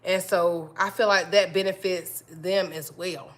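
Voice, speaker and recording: A woman's voice: lowish voice, fairly even intonation, unhurried. A woman hosting a live stream, talking casually and encouragingly to her viewers, often repeating herself and calling them y'all. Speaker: livestream host.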